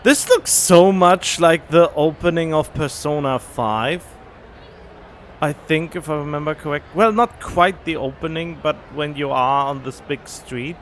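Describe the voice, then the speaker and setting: A man with a high voice reacts to a video game, teasing and arguing with its characters in casual commentary. He speaks unhurriedly into a desk USB microphone, often laughing at what he sees. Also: unhurried, a little hiss or hum. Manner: mocking, laughing, talking back at the game. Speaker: let's play host.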